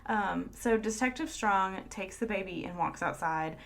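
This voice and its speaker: A woman's voice: medium pitch, measured pace, gravelly, a bit bright. A woman co-hosting a podcast, telling a story in a casual, chatty way and laughing often. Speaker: podcast co-host. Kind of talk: casual chat.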